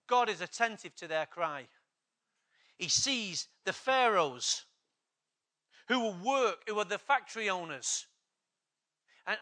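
A male pastor, preaching an urgent, exhorting sermon that builds to loud, emphatic passages. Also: extremely high pitch.

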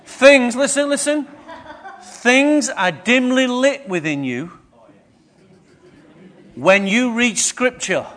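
A man delivers a sermon in a high, lifted voice. He keeps checking in with the congregation, throwing questions at them as he preaches. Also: animated, takes it slowly, pauses often, fairly bright tone.

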